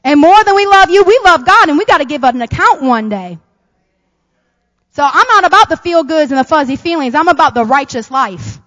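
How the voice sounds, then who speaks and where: Woman pastor, high voice, lively sermon, long hall reverb. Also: a little fast. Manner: lively preacher, swings between loud emphasis and soft asides.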